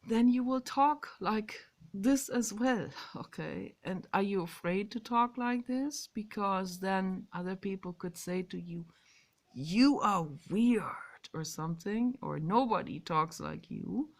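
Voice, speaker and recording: A woman vlogger recording outdoors muses on meditation in a casual monologue, speaking slowly in a mid-range, gravelly voice heavy with vocal fry. She draws her words out, leaning hard on some and dropping to a hushed whisper on others, swinging between loud stresses and soft whispers.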